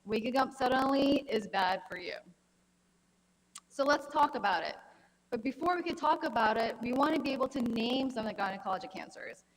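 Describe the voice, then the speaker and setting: A woman's voice: a little high, lively intonation, brisk, big-room sound, a little hiss or hum, poor audio. A woman in her thirties, a gynecologic oncologist, giving a friendly, anecdotal health talk at a conference. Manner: friendly, anecdotal, conversational lecturing. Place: conference hall.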